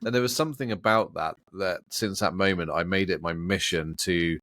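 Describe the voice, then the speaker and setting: A man's voice: low-pitched, a little fast, dry recording. A middle-aged man with an English accent, a guest in a casual interview, telling stories with laughter and acting out the voices of people he quotes. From England. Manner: animated, laughs often, acts out quoted voices.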